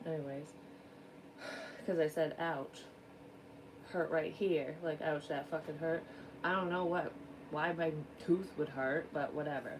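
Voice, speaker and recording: A woman's voice: sits low, moderate pace, long pauses, recorded from a distance, background noise. A woman working as a psychic medium gives a casual card reading, rambling, frank and swearing freely.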